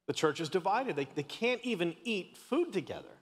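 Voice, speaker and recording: A man's voice: sits high, very animated, fairly quick, big-room sound. A man from Canada in his thirties preaching a casual, joking sermon, often stumbling and restarting his sentences. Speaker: pastor. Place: church sanctuary.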